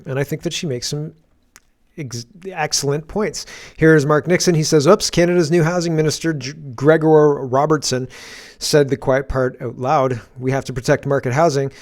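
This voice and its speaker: A man hosts a casual political commentary show from his chair. His voice sits in a middling range. He talks sarcastically and breaks into loud, exasperated outbursts. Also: medium pitch, fairly even intonation, normal speed.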